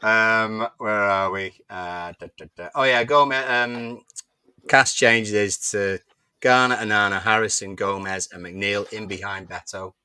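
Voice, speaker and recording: A man co-hosting a football fan chat, reading out predicted lineups in a relaxed, stop-start way. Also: fairly low pitch, a little slow, clean tone. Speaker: podcast co-host.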